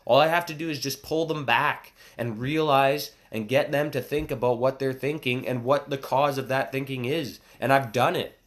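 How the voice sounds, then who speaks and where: A man in his thirties giving a casual motivational talk, with excited, emphatic exclamations. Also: medium pitch, moderate pace, hardly any pauses. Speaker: motivational speaker.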